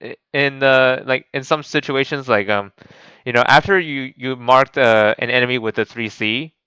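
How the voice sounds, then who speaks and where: A man's voice: medium pitch, moderate pace, bright, forceful tone, clean tone, no room sound, low-quality recording. A man hosting a gaming channel, giving casual game commentary and rambling with many restarts and fillers. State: voice cracking.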